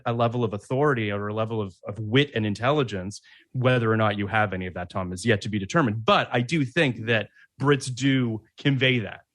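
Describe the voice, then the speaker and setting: Man, casual podcast talk, rambling, quick laughs, dry mic. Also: mid-range voice, fairly bright tone, dry recording.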